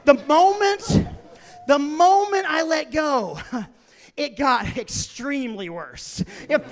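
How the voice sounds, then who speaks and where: A man doing stand-up comedy on stage, telling a story in an excitable, animated way. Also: very high-pitched, slow pace, in a large hall. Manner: excitable, animated, with bursts of laughter.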